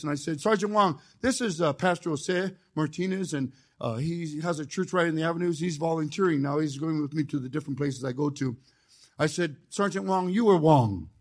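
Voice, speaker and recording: A man preaching a fiery sermon as a chaplain, telling folksy stories with jokes and rising into shouted call-and-response. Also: fairly high pitch. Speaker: chaplain preaching as guest speaker.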